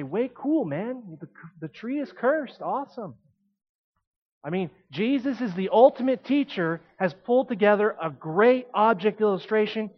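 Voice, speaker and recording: A man preaching a sermon in an animated, conversational way, with emphatic asides. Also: high voice, lo-fi sound.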